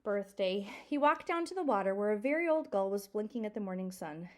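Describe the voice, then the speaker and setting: Woman teacher reading aloud to second graders, expressive, lively pitch. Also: fairly quick, few pauses. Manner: expressive, asks the class questions. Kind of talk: reading a children's book aloud to a class.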